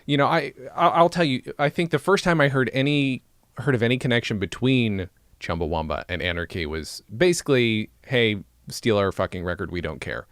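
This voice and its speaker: A man's voice: mid-range voice, lively intonation, brisk, fairly bright tone, no echo, studio quality. A man hosting a podcast, eager and casual, swearing freely and stumbling into his points. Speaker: podcast host. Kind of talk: casual interview chat.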